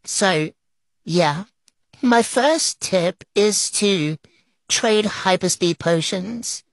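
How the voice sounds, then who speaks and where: Excitable woman narrating her game trades, chatty and gushy, mid-pitched. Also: very slow, no room sound. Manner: gushing, excitable, lots of fillers like "like". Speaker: game creator. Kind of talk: casual gameplay commentary.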